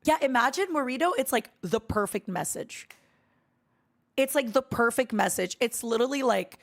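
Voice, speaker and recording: A woman's voice: a little high, expressive, measured pace, pauses often. A woman VTuber chatting casually on a live stream, giggly and playfully dramatic, laughing often.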